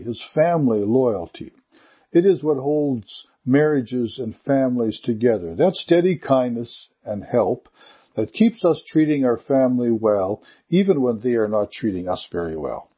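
A male pastor speaks in a breathy, slightly raspy voice at an ordinary pitch. He preaches and prays in an earnest, measured way. The recording sounds dull and lo-fi. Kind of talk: sermon.

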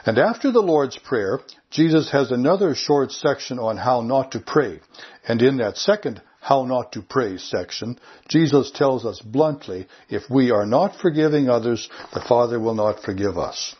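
A man's voice: medium pitch, animated, moderate pace, slightly rough, highs cut off. A man preaching a sermon in an earnest, conversational way, lifting his voice on key phrases. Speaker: pastor.

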